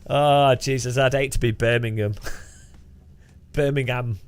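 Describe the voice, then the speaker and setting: A man's voice: mid-range voice, steady tone, slow, clean tone. A middle-aged man, chatting casually and jokingly while streaming a game live, often chuckling as he rambles. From English Midlands.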